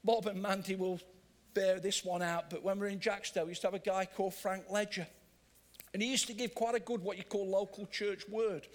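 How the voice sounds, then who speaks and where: In church, an older man preaches animatedly in a voice that sits high. He shifts between loud emphasis and soft, drawn-out phrases.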